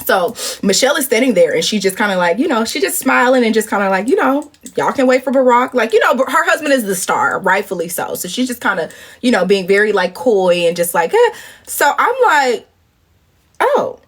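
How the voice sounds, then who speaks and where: A woman in her twenties from St. Louis chatting to viewers on a phone livestream, telling a story in a lively, profane way and calling them y'all and girl. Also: mid-range voice, fairly quick. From St. Louis, USA. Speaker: livestream host. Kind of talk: casual storytelling chat. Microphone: phone at arm's length.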